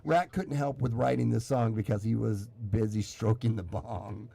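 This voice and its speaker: A man's voice: on the low side, normal speed, gravelly, mellow. An American man hosting a livestream in casual chat, joking and playful as he sips a drink. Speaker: livestream host.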